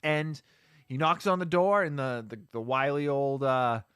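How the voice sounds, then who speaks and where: A man's voice: mid-range voice, measured pace, clean tone, no room sound. Rambling man recapping a movie, dry mic. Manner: rambling, full of "like" and restarts, animated retelling. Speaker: podcast co-host. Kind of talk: casual chat, recapping a movie.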